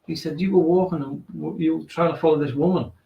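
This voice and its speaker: Appearing as a guest on a radio show, a man tells a ghost story in a rambling way, acting out the quoted dialogue of each person. His voice is on the high side, steady, fast and creaky, and the dull audio was captured in an echoey room.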